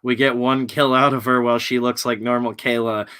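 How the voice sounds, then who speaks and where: Bright-voiced man joking crudely. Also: mid-range voice, little pitch movement, a little fast, clean tone. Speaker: podcast co-host, filmmaker. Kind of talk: casual chat.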